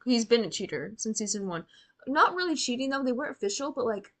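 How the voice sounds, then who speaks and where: A woman's voice: a little high, sing-song, fast talker, a bit bright. A young woman giving casual reaction commentary on a TV show, blunt and sarcastic, swearing freely and talking straight to the characters.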